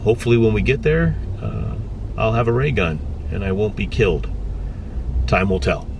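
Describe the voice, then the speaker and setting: A man's voice: lowish voice, moderate pace, vocal fry, echoey room, noisy background. A man rambling through a playful, self-correcting comic vlog monologue. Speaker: vlogger and storyteller. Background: music.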